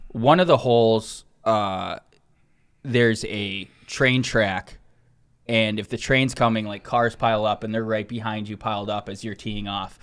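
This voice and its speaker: A man co-hosting a podcast, telling a story in casual chat with halting pauses and many "uh"s. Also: fairly low pitch, steady tone, a bit bright, clean tone. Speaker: podcast co-host.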